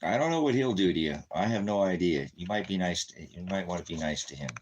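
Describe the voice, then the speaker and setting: A man's voice: sits low, lively intonation, fast, a little mellow, dull audio, a little hiss or hum. A man preaching casually on a live stream from home, rambling, joking and talking to his dogs.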